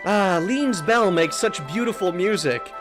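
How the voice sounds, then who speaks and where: A man's voice: sits high, lively intonation, measured pace, over music, pitched above the performer's own voice. A man putting on an airy Valley Girl voice for a young woman at a fair. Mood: dreamy. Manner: breathy Valley Girl drawl.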